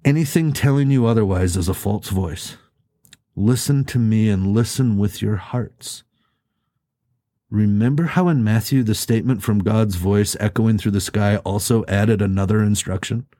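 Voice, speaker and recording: Man, sermon, earnest, rhetorical questions, dry close sound, warm low voice. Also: moderate pace, no room sound. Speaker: pastor.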